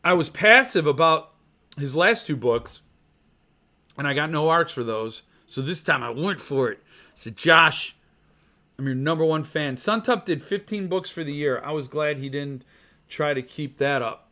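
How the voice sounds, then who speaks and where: Excitable bright-voiced male host. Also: fairly high pitch, moderate pace. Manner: excitable, rambling, gushing. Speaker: podcast host. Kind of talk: casual livestream chat about book collecting.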